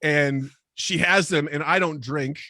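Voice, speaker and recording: Animated man telling a funny story. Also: fairly high pitch, measured pace, no echo, clean studio sound. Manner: animated, acts out voices, self-deprecating. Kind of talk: casual comedic storytelling.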